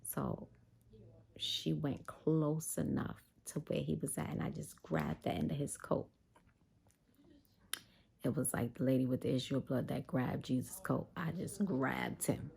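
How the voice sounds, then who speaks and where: A woman vlogger casually telling a personal story, animated, tired and unwell. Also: very deep voice, a little slow, gravelly, breathy edge. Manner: animated retelling, quoting others in dialogue.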